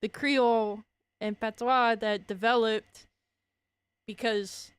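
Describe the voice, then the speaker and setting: Slow, clear-voiced Cajun woman chatting. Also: fairly high pitch, steady tone, dry recording. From Louisiana, USA. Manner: rambling, self-correcting, laughs often. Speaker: streamer. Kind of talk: casual chat.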